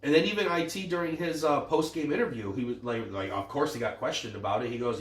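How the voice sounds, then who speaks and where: A man's voice: mid-range voice, fast, few pauses. A man co-hosting a podcast, chatting casually about sports and retelling stories loosely with lots of filler words. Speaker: podcast co-host. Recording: roomy echo, a bit far from the mic.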